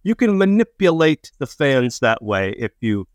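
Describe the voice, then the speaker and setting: A man's voice: mid-range voice, sing-song, unhurried, no echo, clean studio sound. A man telling loose, profane stories in casual chat, stumbling through restarts and stammers as a comedian and director. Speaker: comedian and film director, podcast guest.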